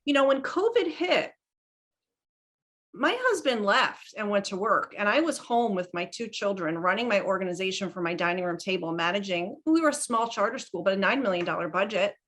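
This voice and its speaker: A middle-aged woman hosts a podcast in an easy, chatty manner. She tells stories with animated energy, often restarting her sentences. Her voice sits at an ordinary middle pitch. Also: a little fast. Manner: chatty, animated storytelling with frequent laughs and restarts. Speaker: podcast host. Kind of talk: casual conversational interview.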